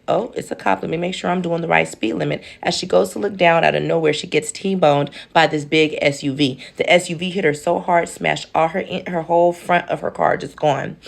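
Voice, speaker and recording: A woman's voice: low-pitched, vocal fry. A woman telling a story in a casual vlog, chatty and talking to her viewers like family, acting out the people in her story. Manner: acts out the people in her story in different voices. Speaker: storytelling content creator.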